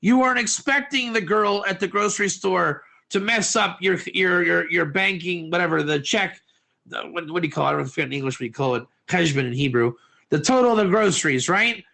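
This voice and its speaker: A man teaching a lively class, constantly quizzing his listeners and mixing Hebrew terms into his English. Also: sits high, brisk, gravelly. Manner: animated, quizzes listeners, asks for answers. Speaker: Torah teacher.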